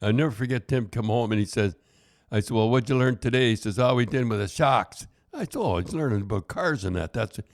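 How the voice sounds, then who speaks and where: A man's voice: medium pitch, animated, fast, darkish tone. An older man hosting a podcast, chatting casually and telling rambling stories full of false starts. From Canada. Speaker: podcast host. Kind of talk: casual chat.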